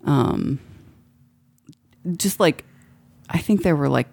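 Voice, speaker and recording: A woman's voice: deep voice, animated, takes it slowly, creaky, darkish tone. A woman in casual chat, rambling and swearing freely. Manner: rambling, frequent profanity.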